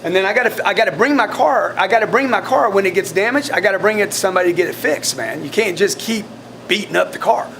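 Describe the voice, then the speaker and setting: High-pitched guy bluntly coaching salespeople, faint hiss behind him. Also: expressive, fast talker. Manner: blunt, forceful, repetitive. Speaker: sales trainer.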